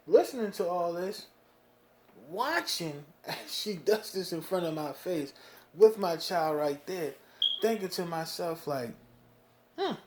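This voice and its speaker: A young man from New Jersey venting about being a father in a casual monologue, animated, with lots of "you know what I mean". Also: a little hiss or hum. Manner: animated, swings loud and high when worked up, frequent "you know what I mean". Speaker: vlogger talking about fatherhood.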